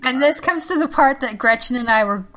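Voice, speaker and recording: A woman's voice: high-pitched, lively intonation, a little fast, pushed and bright, low-quality recording. A woman co-hosting a podcast, earnestly explaining a TV series in casual conversation. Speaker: podcast co-host. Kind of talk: casual chat reviewing a TV series.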